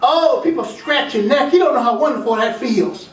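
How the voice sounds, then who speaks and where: A man's voice: very high-pitched, normal speed. A man voicing an eager, boastful, pampered male house dog in a spoken story. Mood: coaxing. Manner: coaxing, boastful. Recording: roomy echo, voice from far off.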